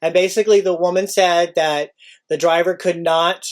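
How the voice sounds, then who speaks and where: A man who works as a teacher, telling a story casually and acting out his own panic with sudden high outbursts. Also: steady tone, moderate pace.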